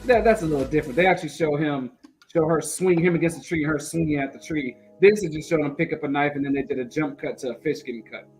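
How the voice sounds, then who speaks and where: A man's voice: a little high, fast talker, darkish tone, faint music behind, rough recording. A man co-hosting a podcast, chatting casually and arguing his theories, often adding "man". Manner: casual, argumentative, says "man" a lot. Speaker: podcast co-host. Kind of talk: casual chat.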